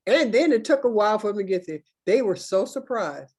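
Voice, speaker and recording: A woman's voice: mid-range voice, animated, a little fast, few pauses, darkish tone, breathy edge. Woman on a video call, telling an anecdote, dry and sarcastic. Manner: anecdotal storytelling with dry asides. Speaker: participant in a discussion. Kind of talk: casual chat on a video call.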